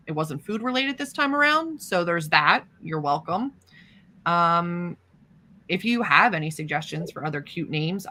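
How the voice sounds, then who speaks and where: A woman's voice: lowish voice, bright, forceful tone, slight background noise. A woman hosting a livestream, chatting casually and teasing her co-host. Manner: playful, teasing, laughs often. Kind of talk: casual chat.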